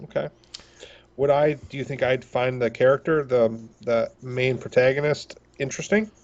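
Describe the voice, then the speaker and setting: A man's voice: medium pitch, fairly even intonation, moderate pace, dull audio. A man on a gaming podcast over a remote call, teasing his co-host and laughing along. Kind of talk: casual gaming podcast chat.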